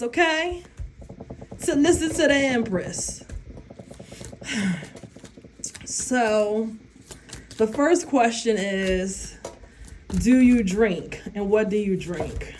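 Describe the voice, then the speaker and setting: A woman's voice: a little high, slight background noise. A young adult woman chatting casually on her vlog, blunt and profane, laughing often as she answers questions. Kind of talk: casual chat.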